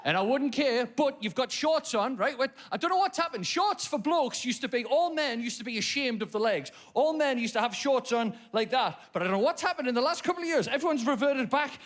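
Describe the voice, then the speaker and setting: A man's voice: very high-pitched, fairly quick, hardly any pauses. Ranting comedian in his thirties. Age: 30s. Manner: animated ranting, sudden shouts. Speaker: stand-up comedian. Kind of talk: stand-up comedy routine. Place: large theatre stage.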